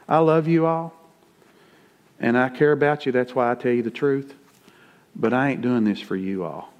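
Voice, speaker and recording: Folksy middle-aged preacher man. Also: medium pitch. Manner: folksy, plain-spoken preaching with rising emphasis. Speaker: pastor. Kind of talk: conversational sermon.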